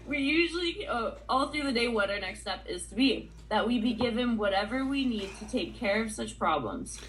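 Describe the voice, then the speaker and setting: Co-presenter cracking jokes on the side, bright sharp voice. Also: medium pitch, animated, rough recording. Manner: quick joking interjections. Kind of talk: casual chat.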